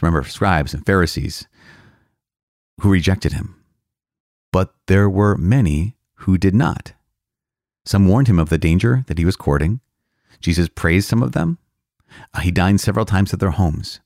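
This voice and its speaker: This male priest's voice is low and slightly mellow, captured at studio quality with no echo. Walking through a catechism reading in a conversational way, he sounds earnest and emphatic, stressing important words, going over points repeatedly and occasionally laughing.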